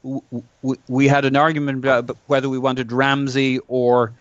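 Male guest, smooth resonant voice, relaxed, muffled lo-fi line. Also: mid-range voice, normal speed, no echo. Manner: relaxed, speculative, some stammering. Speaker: podcast guest. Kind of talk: casual chat.

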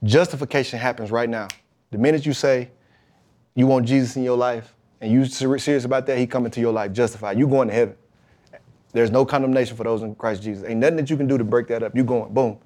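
Animated man telling a story. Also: medium pitch, fast talker. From Mississippi, USA. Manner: animated storytelling, colloquial, acts out the voices of the people in his story. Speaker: guest, football player. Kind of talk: storytelling in a podcast interview.

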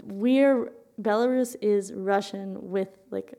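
Podcast co-host, woman, mellow and gravelly, rambles while searching for words. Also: medium pitch, fairly even intonation, slow pace. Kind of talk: casual conversational explanation.

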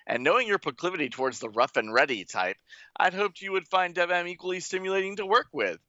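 A man voicing a stern male spy chief with a measured, patronizing manner. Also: high-pitched, bright, forceful tone, no echo, dull audio, voice pushed up.

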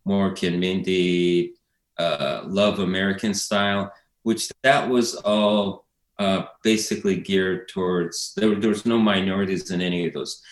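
A man's voice: low-pitched, fairly even intonation, unhurried. A man in an interview, telling stories in a loose, rambling way. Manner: rambling, storytelling, laughs while recounting. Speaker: documentary director, guest. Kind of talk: casual interview talk. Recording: echoey room.

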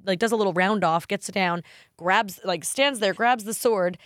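A woman's voice: medium pitch, normal speed, dry recording, studio quality. A woman hosting a podcast, retelling scenes animatedly with lots of "like" fillers. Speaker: podcast host. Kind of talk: casual podcast chat.

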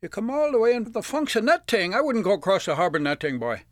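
A man voicing a gruff, friendly older Newfoundland fisherman who talks bluntly and keeps calling people boy. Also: high-pitched, sing-song, fast talker, dry recording, clean studio sound, pitched above the performer's own voice. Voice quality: blunt, folksy, calls everyone boy. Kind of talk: live storytelling performance.

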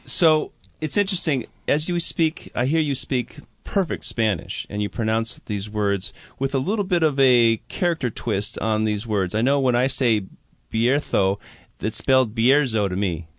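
A man's voice: medium pitch, expressive, moderate pace, few pauses, no echo, clean studio sound. A man hosting a radio show, asking curious, enthusiastic questions. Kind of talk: radio interview. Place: radio studio.

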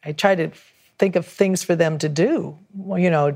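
A woman's voice: fairly low pitch, normal speed. A middle-aged woman in a documentary interview, telling family stories and acting out the quoted dialogue. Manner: warm storytelling, acts out quoted dialogue. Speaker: interviewee, daughter.

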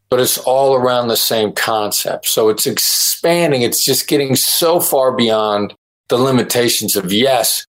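A man's voice: medium pitch, low-quality recording. A middle-aged man, a guest on a podcast interview, explaining his ideas emphatically and acting out example phrases. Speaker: negotiation expert guest.

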